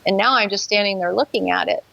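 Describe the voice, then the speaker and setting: A woman guest tells her personal story in an interview, earnest and vivid, pausing on fillers as she recalls details. Her voice sits at an ordinary pitch. The sound is dry and a little dull, with no room echo. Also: creaky, bright, forceful tone.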